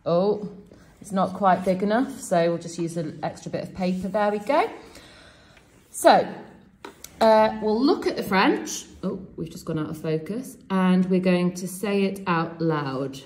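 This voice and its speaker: A female French teacher with a fairly low, slightly mellow voice speaks in an animated yet unhurried way. During a classroom demonstration, she guides students step by step through quizzing themselves and cheers them on.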